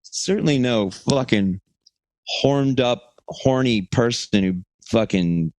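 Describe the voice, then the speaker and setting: A man co-hosting a podcast, telling a long profane story in a rambling, animated way, acting out the quotes. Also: mid-range voice, slow pace, dry recording. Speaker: podcast co-host. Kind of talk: casual storytelling chat.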